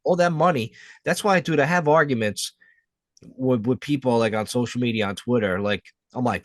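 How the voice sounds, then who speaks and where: A man's voice: medium pitch, brisk, no echo, studio quality. A man from the United States co-hosting a podcast, blunt and profane in casual chat. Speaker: podcast co-host.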